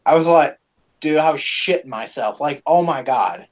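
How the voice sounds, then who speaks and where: A man hosts a live stream and tells stories to his fans in an animated, profane way, full of fillers. His voice sits fairly high for a man. The audio is slightly dull and lo-fi. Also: moderate pace. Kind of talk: casual storytelling to fans.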